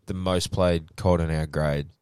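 A young Australian man with a very low voice tells stories in a loose podcast chat. He is animated and swears constantly. The sound is dry and close. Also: a little slow, clear, resonant tone, no echo. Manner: animated storytelling, heavy swearing. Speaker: podcast co-host. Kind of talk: casual chat.

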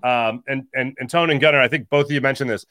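A man's voice: medium pitch, steady tone, quick pace, sharp tone, dry recording. A man co-hosting a sports talk show, making his points conversationally with "like" and "uh" fillers.

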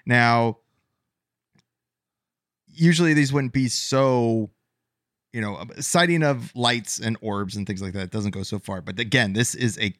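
A man in a casual podcast chat, telling a story between frequent uhs and pauses. His pitch sits in an ordinary middle range. The recording is dry and close, with no room sound. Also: fairly bright tone, no room sound. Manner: halting, filler-heavy telling with many uhs. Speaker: podcast co-host narrating the story.

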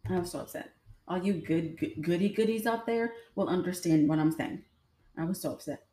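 A woman's voice: on the low side, fairly quick, mellow. A young adult woman telling her own stories to viewers in a casual, rambling way, full of fillers. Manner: chatty, rambling, with many fillers. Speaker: vlogger. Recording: echoey room.

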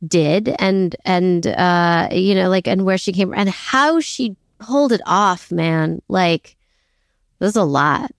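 A woman's voice: on the low side, slow, gravelly, dry recording, clean studio sound. A woman co-hosting a casual history podcast, chatty and self-deprecating, laughing often as she tells the story. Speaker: podcast co-host.

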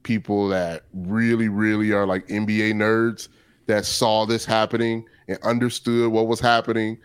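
Excitable man on a dry close mic. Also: on the low side, moderate pace, clear, resonant tone, dry recording. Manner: rambling, excitable. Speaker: podcast co-host. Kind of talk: casual sports chat.

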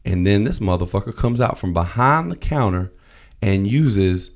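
Man, gravelly, lively storyteller, casual chat, swears freely. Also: fairly low pitch, normal speed. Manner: animated storyteller, swears freely, acts out voices.

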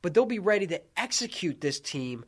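High-pitched dude on sports radio going off, swearing, fired up. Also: male voice, very animated. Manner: profane, fired-up, rapid ranting. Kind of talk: heated sports talk radio rant.

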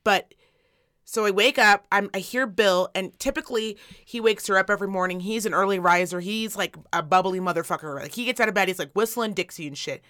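With a clear, resonant, mid-range voice and a fairly quick pace, a middle-aged podcast co-host spins a profane, animated story during casual chat, performing the quotes of the people involved.

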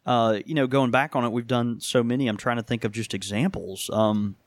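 A man's voice: mid-range voice, steady tone, fairly quick, dry recording, studio quality. A man co-hosting a podcast from a small pipe shop, chatting in a rambling way with many restarts. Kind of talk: casual chat.

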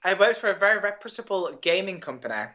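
A man's voice: sits high, big pitch swings, fast talker, sharp tone, lo-fi sound. A young man from England with a hard-to-place mixed accent, a guest chatting casually and jokingly, rambling with lots of fillers. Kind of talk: casual podcast chat.

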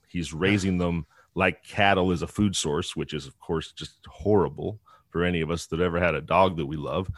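A man's voice: low voice, no echo, studio quality. A man casually telling a true-crime story, chatty, with frequent restarts and asides.

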